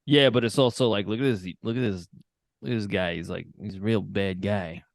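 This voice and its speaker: Gravelly-voiced man joking on a podcast. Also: lowish voice, steady tone, a little fast, dry recording, studio quality. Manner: jokey, hesitant with fillers. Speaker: podcast co-host. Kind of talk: casual chat.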